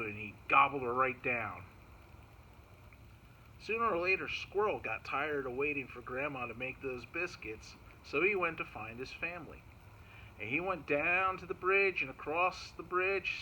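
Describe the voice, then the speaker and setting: A man telling a folk tale to children in an animated way, chanting little sound effects as he goes. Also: medium pitch, unhurried, slight background noise, low-quality recording. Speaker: park storyteller. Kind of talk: storytelling for children.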